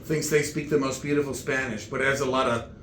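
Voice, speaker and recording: Rambling, halting comedian, echoey room. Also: male voice, medium pitch, fairly even intonation, a bit bright, a little hiss or hum. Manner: meandering, halting delivery with many restarts.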